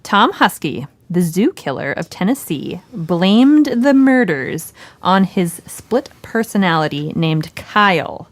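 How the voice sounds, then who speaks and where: A woman with a fairly low voice co-hosts a comedy podcast, tossing off true crime trivia quickly and casually. The sound is close and dry, with no room around it. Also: sing-song, dry recording. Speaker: podcast co-host.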